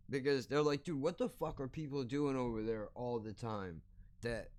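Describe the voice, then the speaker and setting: A young man hosting a podcast, telling a story as a blunt, profane, animated rant. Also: mid-range voice. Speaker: podcast host.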